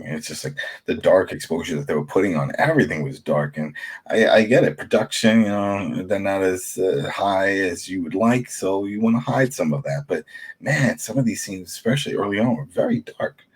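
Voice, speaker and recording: A man's voice: low-pitched, a little fast, slightly rough. A man co-hosting a podcast, giving blunt, opinionated criticism in casual chat. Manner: blunt and opinionated, acts out quotes. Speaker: podcast co-host.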